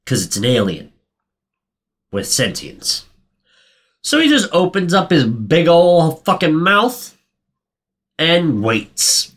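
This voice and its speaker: A man casually recapping a film in chat, telling it with energy, swearing and briefly acting out characters in a higher voice, his throat a little sore. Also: takes it slowly, long pauses. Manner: animated storyteller, swears, acts out quotes in a high voice. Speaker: podcast co-host recapping a film.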